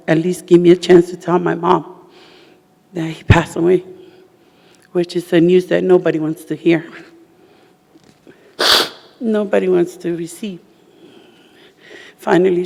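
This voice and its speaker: A widow delivers a funeral eulogy with a gravelly, rough edge to her voice, her words coming in halting, broken-off pieces. Her voice trails off into the long reverb of a large hall. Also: lowish voice, warm tone. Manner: emotional, halting, with broken-off phrases.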